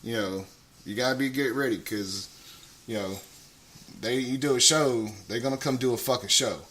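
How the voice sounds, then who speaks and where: A man talking casually on a radio show, rambling, swearing a lot and getting loud. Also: medium pitch, normal speed, slight background noise.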